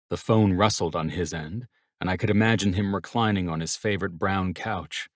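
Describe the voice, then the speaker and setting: A man narrates a first-person romance audiobook in a very low, measured voice. He tells the story evenly, without hurry. The studio sound is dry and close, with no room echo.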